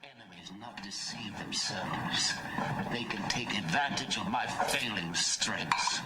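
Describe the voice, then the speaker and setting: An actor playing an older, paranoid Soviet dictator who broods slowly and then bursts into shouts. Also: male voice, lowish voice, lively intonation, heavy background noise. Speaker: film character.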